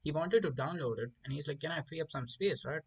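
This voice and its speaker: A man's voice: a little high, fast, creaky, husky, rough recording. A man hosting a podcast, telling rambling stories in casual chat with lots of swearing and stumbling restarts. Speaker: podcast host.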